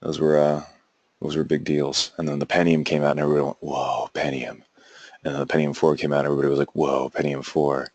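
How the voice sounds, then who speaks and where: Deep-voiced man lecturing with many fillers. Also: completely flat delivery, very fast, darkish tone, no echo, dull audio. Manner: rambling, many fillers and restarts. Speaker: teacher. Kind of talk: classroom lecture.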